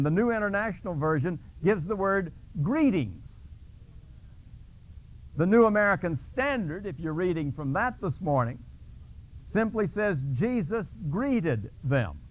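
Preaching with dramatic storytelling and sudden jumps in pitch, a male pastor retells a scene from scripture and explains the meaning of a word. His delivery includes restarts and filler words.

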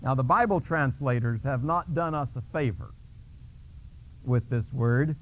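A male pastor preaches a sermon, dramatically retelling a scripture scene and explaining a word, with restarts and fillers along the way. His storytelling leaps suddenly in pitch, and his intonation is lively. He speaks a little slowly, with a fairly bright tone.

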